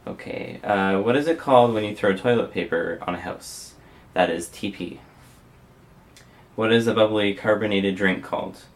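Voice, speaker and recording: A young man from Windsor, Ontario with a Canadian accent, casually working through an accent challenge and pausing often on "uh.". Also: lowish voice. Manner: hesitant, frequent uh fillers, soft-spoken. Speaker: vlogger.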